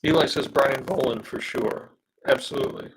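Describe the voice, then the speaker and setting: A man's voice: mid-range voice, normal speed, a little hiss or hum, low-quality recording. A man streaming a live drawing session, losing his voice from smoke, chatting in a rambling, hesitant way with many fillers and reading out viewer comments. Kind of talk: casual live-stream chat while drawing.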